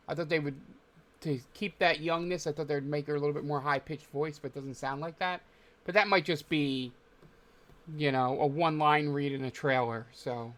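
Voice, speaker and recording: A man's voice: fairly high pitch, a bit bright. A man hosting a podcast, talking casually about games in a loose, rambling way with many filler words. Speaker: podcast host. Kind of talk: casual chat.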